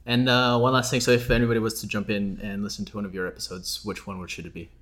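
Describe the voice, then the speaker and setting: Fast-talking male podcast host. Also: lowish voice, level tone, fairly bright tone. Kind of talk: casual interview and scripted outro. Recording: echoey room with music underneath.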